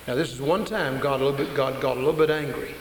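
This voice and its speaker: A man preaching a sermon to an audience, emphatic and slowing down to stress key points. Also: medium pitch, fairly even intonation. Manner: emphatic, slows down for stress, breaks into acted quotes. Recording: echoey hall with faint hiss.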